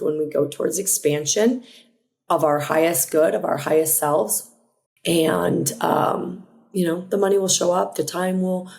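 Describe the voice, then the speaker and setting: A woman hosting a solo motivational podcast, talking earnestly and reflectively, often restarting a phrase or adding a quick aside. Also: fairly low pitch, creaky, a little mellow. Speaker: podcast host.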